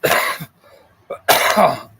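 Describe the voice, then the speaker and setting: A man's voice: very slow, pushed and bright, slight background noise, rough recording. A man hosting a casual livestream, rambling and greeting viewers by name, at times talking while eating. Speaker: livestream host. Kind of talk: casual live chat.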